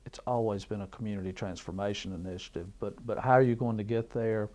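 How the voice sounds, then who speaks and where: Deep, mellow man. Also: fairly even intonation, fast talker. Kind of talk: documentary interview.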